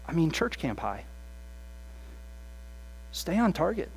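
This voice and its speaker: A man preaching a sermon with passion, swinging from hushed asides to loud, animated quoted voices. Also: a little high, takes it slowly, creaky, long pauses, husky, low-quality recording.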